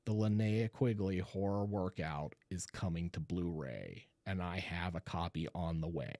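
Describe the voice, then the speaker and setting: A man's voice: low voice, moderate pace, few pauses, mellow, no echo, clean studio sound. A man hosting a live horror chat show, talking loosely with viewers, laughing often and restarting his sentences. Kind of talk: casual livestream chat.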